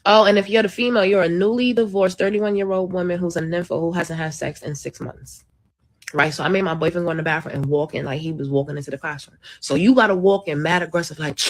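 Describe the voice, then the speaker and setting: A woman's voice: fairly low pitch, fairly quick. Brash, profane woman telling a story. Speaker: social media content creator. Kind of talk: storytime monologue.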